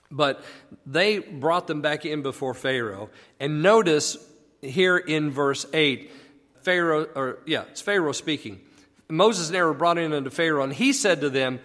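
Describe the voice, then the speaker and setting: Animated man teaching the Bible. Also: fairly high pitch, normal speed. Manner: explanatory, conversational, asks rhetorical questions. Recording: long echoey reverb.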